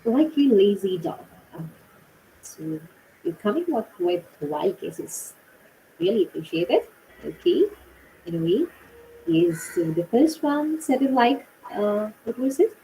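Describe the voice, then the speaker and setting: Animated, chatty Indian English teacher woman. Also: medium pitch, unhurried, slight background noise, low-quality recording. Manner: encouraging, chatty, laughs often. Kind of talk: online English class.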